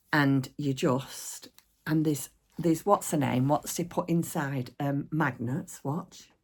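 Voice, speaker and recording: Low gravelly woman chatting. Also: a little mellow. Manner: chatty and rambling, many fillers. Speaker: craft shop owner showing products. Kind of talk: casual chat to camera. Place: at home, indoors.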